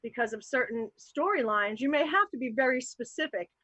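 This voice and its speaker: Bright-voiced woman from New Jersey. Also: high voice, fairly quick, dry recording, low-quality recording. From New Jersey, USA. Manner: animated, candid, thinks aloud with fillers. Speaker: actor and improv performer. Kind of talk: casual panel chat on a live show.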